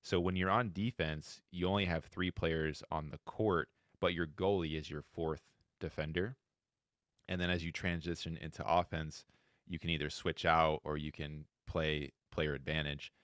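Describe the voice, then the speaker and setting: A man's voice: moderate pace, no room sound, clean studio sound. A man in his thirties from Florida, a coach telling stories as a podcast guest and acting out quoted dialogue. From Florida, USA. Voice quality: very deep, smooth voice. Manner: animated storytelling, acts out quoted dialogue. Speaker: guest, wheelchair handball head coach. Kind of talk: podcast interview storytelling.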